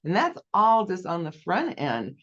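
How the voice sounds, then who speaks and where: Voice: mid-range voice, wildly swooping pitch, a little slow, a bit bright. Earnest guest on dull lo-fi audio. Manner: earnest, explaining a product step by step. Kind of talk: casual interview talk.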